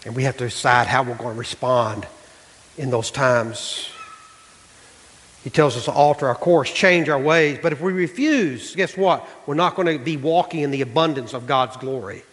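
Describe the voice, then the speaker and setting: A man's voice: medium pitch, moderate pace, in a large hall. A male pastor, preaching a sermon with rising, emphatic delivery. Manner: animated preaching, voice rising to near shouts. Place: church sanctuary.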